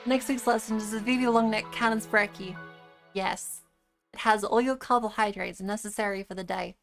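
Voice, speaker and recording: A woman's voice: mid-range voice, steady tone, normal speed, faint music behind. A woman chatting casually with her live-stream viewers, swearing freely and laughing often.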